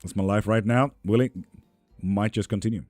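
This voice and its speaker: A man's voice: fairly low pitch, steady tone, moderate pace, a little mellow, no echo, soft background music. A man in his thirties giving tarot readings on a live stream, chatting casually with viewers and joking as he reads their comments aloud. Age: 30s. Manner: laid-back, joking, chats with viewers. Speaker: livestream tarot reader.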